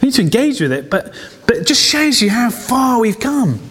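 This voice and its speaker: A man, preaching a conversational sermon with chatty asides and quick laughs. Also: very high-pitched, big pitch swings, a bit bright, breathy edge. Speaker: pastor. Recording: reverberant hall sound.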